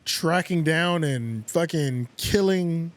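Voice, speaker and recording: A man's voice: fairly high pitch, takes it slowly. A man co-hosting a casual group podcast discussion, talking in a loose, rambling way with lots of agreeing interjections. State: yawning. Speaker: podcast co-host.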